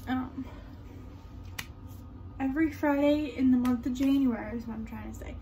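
On a low-quality recording with a little hiss or hum, a young adult vlogger speaks at a moderate pace in a mellow, high-pitched voice. She chats casually and out of breath, giggling and rambling with lots of fillers, filming from her car before moving home.

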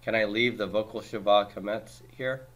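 Man, low voice, teacher, homework review, brisk questioning, dry jokes. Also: fairly even intonation, fairly bright tone. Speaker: Hebrew teacher.

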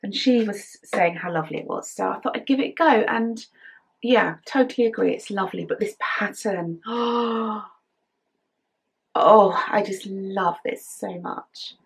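A woman's voice: medium pitch, moderate pace, gravelly, breathy edge. A middle-aged English woman hosting a knitting podcast, chatting in a rambling, casual way, her voice tired today. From England. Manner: chatty, rambling, with fillers and giggles. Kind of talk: casual chat.

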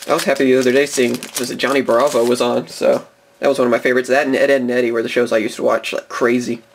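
A man's voice: medium pitch, flat delivery, quick pace, gravelly, a little hiss or hum. Young adult male, casual card-opening host, enthusiastic and rambling, laughs a lot. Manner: chatty and enthusiastic, chuckles often. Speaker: card-collecting video host. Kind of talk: casual box-opening commentary.

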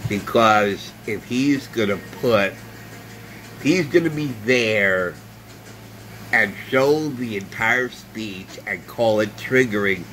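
A man's voice: on the low side, fairly bright tone, a little hiss or hum, low-quality recording. A man vlogging in an indignant, repetitive monologue that keeps circling back to the same points. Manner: indignant, repetitive, drawn-out phrasing. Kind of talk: ranting monologue.

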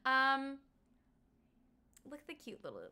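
A young woman from Colorado chatting casually and quickly while streaming a game, reading out chat and humming along. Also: high-pitched, very animated, sharp tone. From Colorado, USA. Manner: fast-talking, chatty, reads chat aloud, hums along.

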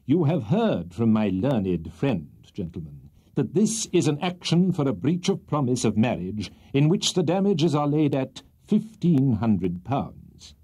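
A man voicing a pompous middle-aged male barrister who orates slowly and grandly to a jury. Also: mid-range voice, big pitch swings, warm tone, husky, pitched above the performer's own voice. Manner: grandiloquent, slow and emphatic courtroom oratory.

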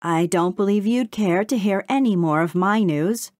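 A woman's voice: medium pitch, normal speed, a little mellow, no room sound, clean studio sound, lightly acted. A woman reading a storybook and voicing a peevish, self-important male crow who talks in a cross, indignant way. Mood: huffy.

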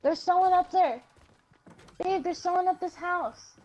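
High-voiced woman playing a game, flustered. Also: unhurried, darkish tone. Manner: hesitant and easily flustered, swears. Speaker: girlfriend, fellow player. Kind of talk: casual gameplay chat.

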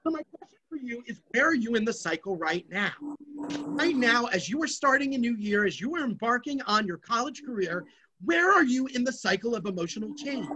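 An energetic, emphatic presenter leading a motivational workshop for students over an online video session. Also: medium pitch, fairly quick, slightly rough, poor audio.

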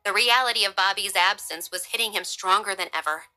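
A woman narrating a family drama story in an even, storybook reading manner. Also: medium pitch, a little fast, faint music behind, low-quality recording.

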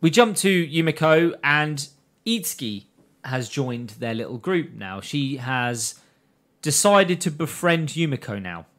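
A man's voice: a little high, big pitch swings, unhurried, a bit bright. A man co-hosting a podcast, chattily retelling scenes from a show in a casual recap. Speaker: podcast co-host.

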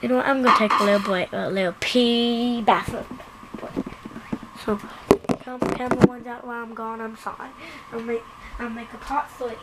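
A woman giving casual, excitable, self-mocking commentary while playing a video game at home. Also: fairly high pitch, moderate pace. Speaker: gameplay commentator. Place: home, seated at computer. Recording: loud background noise.

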